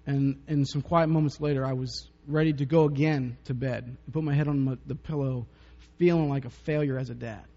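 A man's voice: mid-range voice, fairly even intonation, brisk, few pauses, warm tone. A man preaching a sermon as a pastor, telling personal stories in a conversational, joking way with frequent chuckles. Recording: long reverb, dull muffled sound.

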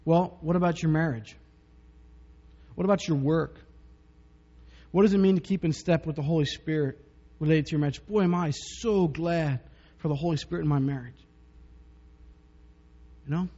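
A man's voice: on the high side, normal speed, pauses often, warm tone, slightly rough. A man preaching a sermon as a pastor, telling personal stories in a conversational, joking way with frequent chuckles. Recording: long reverb, dull muffled sound.

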